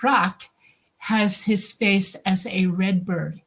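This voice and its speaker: A woman under hypnosis, slowly describing visions in a halting way. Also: medium pitch, steady tone, slightly rough. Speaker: hypnosis client.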